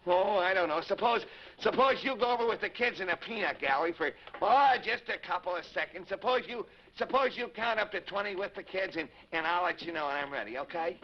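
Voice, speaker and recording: An eager little puppet boy chatters and stammers in a high, bright voice, as a man puts him on. It comes through a dull, hissy early 1950s television recording. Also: fairly quick. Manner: excited, stammering restarts. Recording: noisy lo-fi 1950s TV broadcast.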